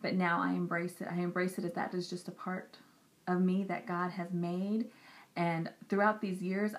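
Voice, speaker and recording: A young woman talking earnestly and directly to camera in a personal vlog. She repeats herself for emphasis and sometimes drops into soft, whispery asides. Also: mid-range voice. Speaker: Christian vlogger. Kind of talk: personal encouraging talk to camera.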